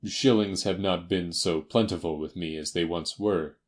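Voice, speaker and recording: A man voicing a shabby, learned older man who speaks slowly and picks each word with care. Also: low-pitched, darkish tone, lightly acted. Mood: measured. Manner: slow, staccato, choosing words carefully. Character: large, down-at-heel learned older man, slow and careful.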